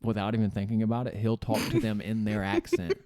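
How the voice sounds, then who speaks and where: Young man, podcast host, low voice, mellow tone, dry close sound, rambling and jokey. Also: steady tone, quick pace, dry recording. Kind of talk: casual chat.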